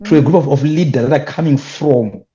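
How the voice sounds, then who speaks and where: A young man with a Zimbabwean accent telling his story as an interview guest, animated and emphatic, repeating words when excited. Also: a little high, brisk, highs cut off. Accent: Zimbabwean English. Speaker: guest, youth leadership speaker.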